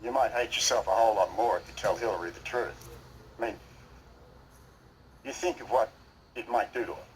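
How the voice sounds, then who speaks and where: A man's voice: fairly low pitch, a little fast, pauses often, slight background noise, natural voice, low-quality recording. An actor in a TV drama, playing a man who lectures in a stern, cold way. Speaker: soap opera character. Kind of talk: TV drama acting.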